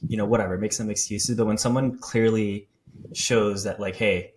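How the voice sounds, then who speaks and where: A man with a fairly low voice hosts a casual podcast chat. He asks gentle follow-up questions and answers with short, agreeable affirmations. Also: fairly even intonation, moderate pace, a little hiss or hum. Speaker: podcast host.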